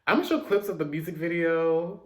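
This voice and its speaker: A man casually reviewing new pop releases, chatty and dramatic, with quick asides and loud outbursts. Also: a little high. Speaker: music reviewer.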